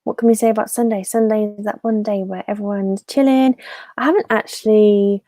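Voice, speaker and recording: A young woman chats loosely on a home live stream. She rambles and restarts in a soft, mellow voice. The sound is dry and close. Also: mid-range voice, steady tone, fairly quick, no room sound. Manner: chatty and rambling, with many fillers and restarts. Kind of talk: casual live stream chat.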